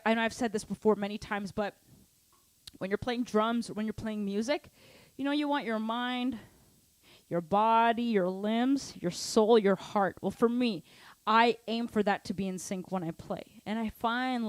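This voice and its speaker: Woman drum teacher, live stream; upbeat, encouraging, filler-heavy chat, slightly high voice, dry close sound. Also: no room sound. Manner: encouraging, chatty, many "like" fillers. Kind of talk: live online drum lesson.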